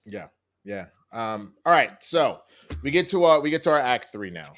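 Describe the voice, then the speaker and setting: A man hosting a casual TV review podcast, retelling scenes in an animated way and quoting the dialogue. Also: medium pitch, moderate pace.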